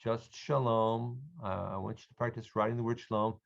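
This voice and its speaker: A lowish-voiced man with a steady tone and some vocal fry walks adult learners through an online Hebrew reading lesson, slowly and patiently sounding out words for them to repeat. The audio is lo-fi.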